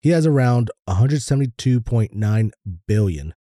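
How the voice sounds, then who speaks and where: Laid-back man with a dark voice. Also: mid-range voice, expressive, moderate pace, dry recording, studio quality. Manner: laid-back, swears casually. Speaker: podcast co-host. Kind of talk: casual podcast chat.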